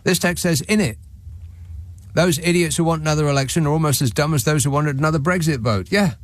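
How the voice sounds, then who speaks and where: A man's voice: on the high side, fast talker, no echo. A man hosting a talk radio phone-in, reading listener texts with a dry, sardonic manner and frequent restarts. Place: radio studio.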